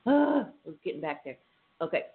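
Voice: mid-range voice, sing-song, normal speed. A radio show host talking in a chatty, rambling way and laughing easily. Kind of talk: casual radio chat. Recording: phone-like sound with faint hiss.

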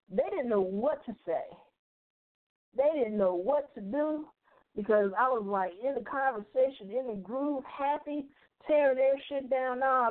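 Blunt, profane woman from Chicago on a tinny line. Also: high-pitched. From South Side of Chicago. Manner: blunt, profane, animated retelling. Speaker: podcast host. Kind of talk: casual storytelling commentary. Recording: tinny phone-like audio.

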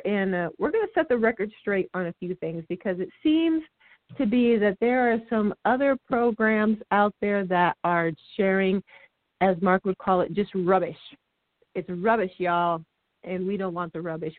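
A woman's voice: mid-range voice, dry recording. Bubbly woman co-host on a tinny phone line. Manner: bubbly, laughs often. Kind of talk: casual radio show chat.

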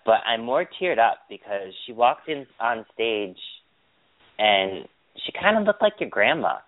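A man's voice: mid-range voice, big pitch swings, measured pace. A man co-hosting a casual podcast chat, gossipy and blunt, swearing freely. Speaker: podcast co-host. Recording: tinny phone-like line.

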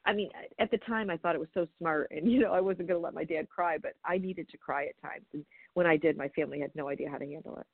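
A woman's voice: sits low, quick pace, slightly rough, no echo. A woman in her forties, a guest advocate, telling her story frankly and with animation in a podcast interview. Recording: phone-line audio.

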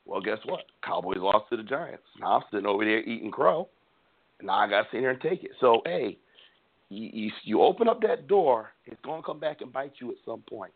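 Gravelly-voiced man ranting on a phone line. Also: mid-range voice, fairly quick. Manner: animated, opinionated, repeats words. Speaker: podcast host. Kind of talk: casual sports talk.

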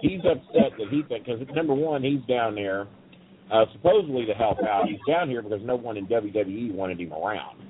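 A man's voice: lowish voice, expressive, fairly quick, a little hiss or hum. A middle-aged man tells a story bluntly and heatedly, swearing freely, over the phone. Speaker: wrestling business guest. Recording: tinny phone line.

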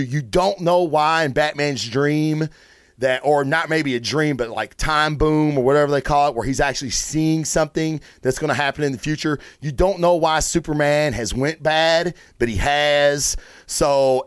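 A man with a slightly high voice hosts a casual comic review and rambles excitedly through the plot. He swears freely. The sound is dry and close, with no room echo. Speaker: host of a comic book review show. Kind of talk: casual solo review talk.

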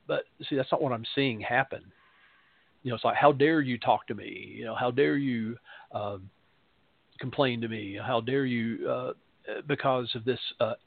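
A man's voice: medium pitch, creaky, slightly rough, no echo. A man, a pastor telling stories in a rambling, conversational way, with restarts and quoted asides. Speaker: pastor and radio show voice. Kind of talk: casual storytelling chat. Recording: dry, phone-like line.

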